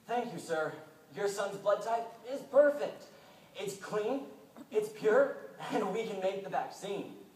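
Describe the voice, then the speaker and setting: A young man playing a grave, apologetic old male doctor who pleads in halting, hesitant phrases, heard from a distance in an echoey hall. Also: high-pitched, expressive, darkish tone, slight background noise, pitched above the performer's own voice. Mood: grateful. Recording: echoey hall, mic far off.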